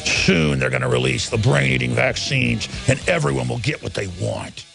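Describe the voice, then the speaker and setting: A man's voice: medium pitch, moderate pace, creaky, over music. A man hosting a radio talk show, ranting intensely about the government and taking calls.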